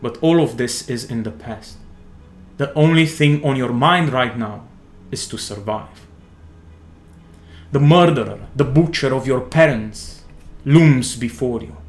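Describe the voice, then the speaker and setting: Man, game master, slow dramatic narration, echoey room. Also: mid-range voice.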